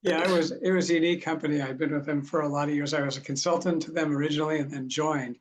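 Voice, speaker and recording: Measured male consultant, slightly high. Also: fairly even intonation, slight background noise. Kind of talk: panel discussion.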